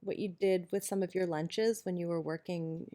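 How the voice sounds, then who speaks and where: A woman's voice: fairly low pitch, fairly even intonation, normal speed, dark tone. Thoughtful woman podcast co-host. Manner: thoughtful, candid, laughs easily. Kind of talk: casual reflective chat.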